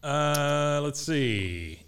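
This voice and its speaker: A man hosting a podcast in casual chat, with dry, deadpan jokes. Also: on the high side, extremely slow, clean tone, distant mic. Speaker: podcast host.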